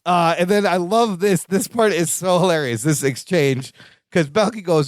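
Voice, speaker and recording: A man's voice: high-pitched, normal speed, dry recording, clean studio sound. A man co-hosting a podcast, chatting casually about a sitcom episode and acting out the characters' lines. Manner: animated, acts out quoted lines in character. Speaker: podcast co-host.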